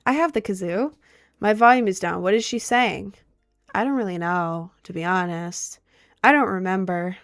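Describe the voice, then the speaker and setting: Young streamer girl rambling on stream, lots of "like" and "um", smooth crisp voice, dry sound. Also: medium pitch, normal speed, no room sound. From Maryland, USA. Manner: chatty, rambling, filler-heavy. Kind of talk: casual livestream chat, reading viewer questions.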